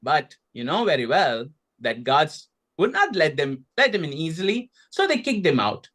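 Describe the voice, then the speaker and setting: A man from India, telling a folktale slowly and expressively with dramatic pauses. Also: on the high side, big pitch swings, a bit bright. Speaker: storyteller.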